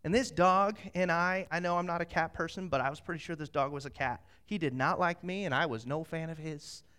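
A middle-aged man preaching a sermon, moving from slow scripture reading to lively, animated storytelling. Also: fairly high pitch, smooth. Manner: animated storytelling, acts out quotes. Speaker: pastor.

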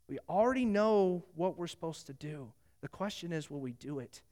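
A middle-aged man preaching a sermon, telling a Bible story with lively acted-out dialogue. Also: on the high side, moderate pace, few pauses. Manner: animated storytelling, acting out biblical dialogue. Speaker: pastor.

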